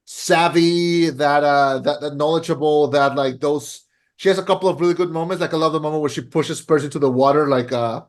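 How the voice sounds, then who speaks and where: A young man with a slightly high voice, talking loosely as a podcast host. He rambles, fills every pause with "like" and "uh" and trips over his own restarts, in an easygoing casual chat. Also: steady tone.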